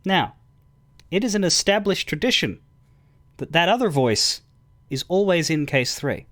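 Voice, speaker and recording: A man's voice: a little high, expressive, unhurried, fairly bright tone. A man streaming a game, chatting casually with playful, self-deprecating asides. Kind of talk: casual let's-play commentary.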